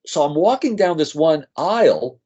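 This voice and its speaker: An American man, a nurse practitioner, telling animated stories as a podcast guest and acting out the people he quotes. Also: fairly high pitch, normal speed, husky. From United States. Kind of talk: storytelling in an interview. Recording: slightly dull lo-fi audio.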